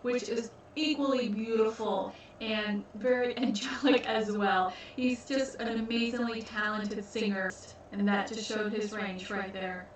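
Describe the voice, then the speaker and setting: A woman's voice: mid-range voice, steady tone, unhurried, few pauses, slight background noise. A woman reacting to a music video, explaining at length and gushing with enthusiasm. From United States. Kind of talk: casual reaction commentary. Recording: echoey room, distant mic, music behind. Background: music playing.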